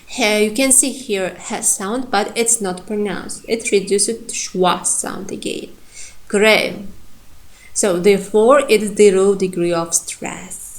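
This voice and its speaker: A woman teaching English pronunciation in a recorded lesson, saying each example word slowly and repeating it with deliberate care. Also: mid-range voice, poor audio.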